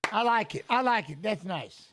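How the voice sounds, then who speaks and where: High-voiced man commenting on fights. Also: lively intonation, normal speed, noisy background. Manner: rambling, talks to chat viewers, emotional. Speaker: fight watch-along commentator. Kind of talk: casual live fight commentary.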